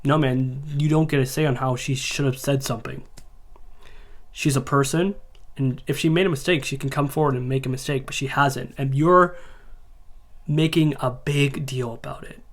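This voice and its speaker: A man's voice: medium pitch, steady tone, normal speed. A man reacting to a video in casual commentary, sarcastic and mocking.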